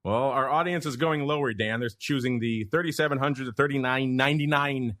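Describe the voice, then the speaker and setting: A man's voice: mid-range voice, brisk, a bit bright. A man hosting a podcast, reading out poll results in a joking, upbeat way. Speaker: podcast host. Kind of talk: casual podcast chat.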